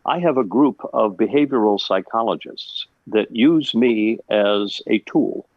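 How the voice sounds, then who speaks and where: A man voice actor telling stories on a video call panel, halting with fillers. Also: on the low side, no room sound, narrow, tinny audio. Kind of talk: casual panel chat.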